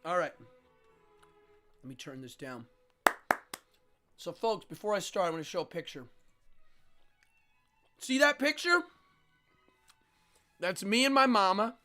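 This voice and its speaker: Chatty high-voiced man eating on stream. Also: bright, forceful tone. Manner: chatty, eats between lines. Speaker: livestream host. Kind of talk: casual livestream chat while eating.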